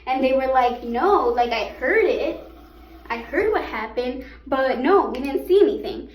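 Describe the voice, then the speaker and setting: A young woman with a high voice tells a story to camera, animated and chatty, packing her talk with fillers and slang. The room around her sounds echoey and hard. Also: a little slow. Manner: animated, fillers like "like" and "bro", swearing. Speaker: vlogger. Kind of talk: storytime vlog.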